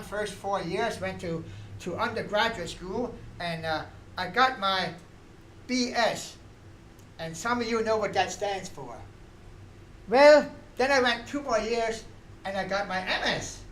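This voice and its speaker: Folksy joke-teller, roomy studio. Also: male voice, high-pitched, a bit bright, a little hiss or hum. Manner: folksy joking storyteller with punchlines. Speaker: folk musician and comic storyteller. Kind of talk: comic stage monologue. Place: radio station studio.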